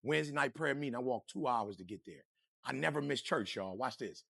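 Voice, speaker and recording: A man giving a motivational speech, energetic and preachy, full of slang and talking straight to the crowd. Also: mid-range voice, brisk, vocal fry, breathy edge, no echo, clean studio sound. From Detroit, USA. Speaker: motivational speaker.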